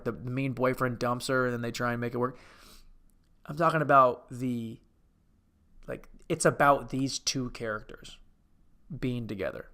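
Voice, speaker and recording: A man's voice: medium pitch, a bit bright. A man hosting a comedic movie review, rambling, interrupting himself and swearing casually. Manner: rambling and self-interrupting, profane. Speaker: host.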